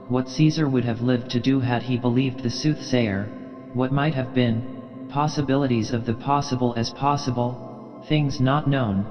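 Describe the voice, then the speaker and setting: Male audiobook narrator, even and steady; dull, muffled recording with a reverberant tail. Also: medium pitch.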